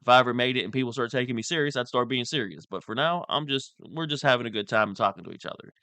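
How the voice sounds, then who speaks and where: A man giving loose, joking reaction commentary from a close mic, his voice bright and a bit nasal. The sound is dry, with no room around it. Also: mid-range voice, racing, smooth, no echo. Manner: loose and joking, laughs a lot, mocking impressions. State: a little stoned and nasal. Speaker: commentary streamer.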